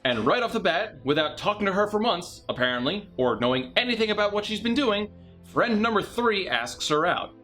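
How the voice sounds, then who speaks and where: A man's voice: high-pitched, big pitch swings, brisk, sharp tone, soft background music. A man narrating a scripted comedic movie review with sarcastic, mocking asides.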